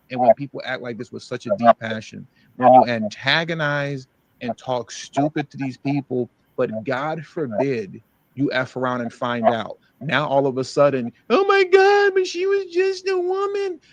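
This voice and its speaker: A man's voice: mid-range voice, moderate pace, no echo. A man hosting a news commentary show, ranting heatedly and repeating himself for emphasis. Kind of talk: emotional commentary over played clips.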